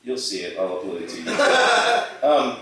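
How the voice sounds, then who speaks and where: A man's voice: low-pitched, normal speed, crowd noise. A man doing a rambling, self-deprecating open-mic stand-up set, slipping into quoted voices. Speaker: stand-up comic. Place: small bar stage. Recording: roomy bar audio from a distant mic.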